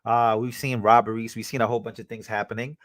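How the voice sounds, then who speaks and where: A man streamer giving casual reaction commentary, excitable and full of fillers and repeats. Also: mid-range voice, fast, no room sound.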